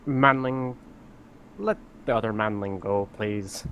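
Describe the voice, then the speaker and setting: A man voicing a calm, dignified figure who speaks slowly and politely. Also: lowish voice, slight background noise, pitched below the performer's own voice. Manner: slow, measured and polite.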